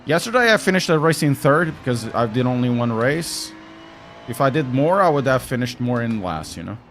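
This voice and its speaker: A man's voice: medium pitch, big pitch swings, normal speed, a bit bright, a little hiss or hum. A young man with a Portuguese accent from Portugal, chatting casually to his stream chat while sim racing, wry and talkative.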